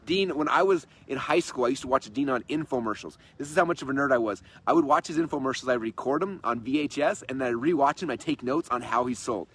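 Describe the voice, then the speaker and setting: A man in his thirties talks at a rapid clip, pressing his point over and over with persuasive energy. His voice has a husky, slightly rough grain. He speaks as a coach rallying a group on a livestream. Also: mid-range voice, a bit bright. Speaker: host and coach. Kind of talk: motivational livestream talk. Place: in-laws' home.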